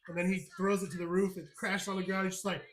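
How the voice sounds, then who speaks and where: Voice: medium pitch, little pitch movement, quick pace, a crowd in the background, low-quality recording. A game master narrating a tabletop game on a live stream, laughing often and telling the story with energy.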